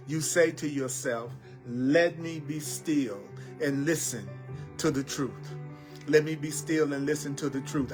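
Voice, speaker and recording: A man gives a spiritual teaching talk in a mid-range voice, repeating each affirmation slowly and deliberately. Soft music plays faintly underneath. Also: medium pitch. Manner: slow, deliberate repetition of affirmations.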